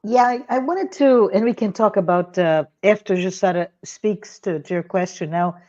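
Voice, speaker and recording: Hoarse woman on a dull line. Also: medium pitch, moderate pace, warm tone. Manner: apologetic, hesitant. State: losing her voice.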